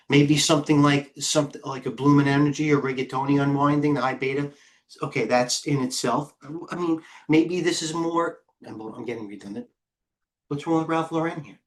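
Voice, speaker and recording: A middle-aged man, a head trader, giving blunt, rambling live commentary on stocks, often breaking off mid-sentence. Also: on the high side. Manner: blunt, rambling, self-interrupting market talk. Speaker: head trader and market coach. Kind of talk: live trading stream commentary.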